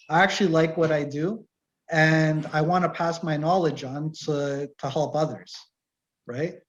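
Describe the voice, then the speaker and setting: A man's voice: fairly high pitch, fairly even intonation, unhurried, dull audio. A middle-aged man, a mechanic and course instructor, talking casually and animatedly in an online info session, telling stories from his shop and acting out customers. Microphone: video call.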